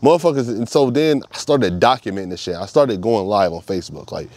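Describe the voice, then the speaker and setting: A man's voice: on the low side, sing-song, quick pace, hardly any pauses, a little mellow, no room sound. Profane, emphatic man vlogging. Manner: profane, emphatic, repeats himself. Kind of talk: casual monologue.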